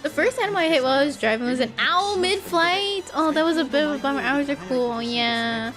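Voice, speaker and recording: Chatty, rambling streamer woman with a high voice. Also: a little fast, over music. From California. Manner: rambling and chatty, full of "like" fillers; laughs often at her own stories. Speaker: VTuber streamer. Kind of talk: casual livestream chat while playing.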